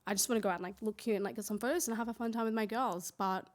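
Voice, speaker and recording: A woman's voice: medium pitch, steady tone, racing. A woman, co-hosting a podcast in rambling casual chat, fighting a cough. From Australia. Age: 20s. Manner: chatty, rambling, many fillers. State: has a cough. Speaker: podcast co-host.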